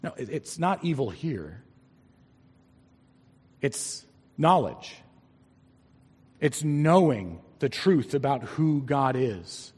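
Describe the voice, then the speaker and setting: A male pastor delivers a sermon in a measured, deliberate way, drawing out important words. His voice has a husky, slightly rough texture. It sounds like a church sanctuary, with a long reverb trailing every phrase. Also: a little high, a little mellow. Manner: deliberate, stretching key words for emphasis.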